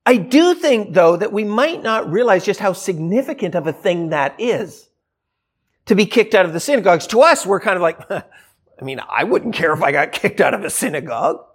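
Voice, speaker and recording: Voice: medium pitch, very animated, moderate pace, slightly rough. Conversational preacher in mid-sermon. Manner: conversational, rhetorical questions, acts out voices of listeners.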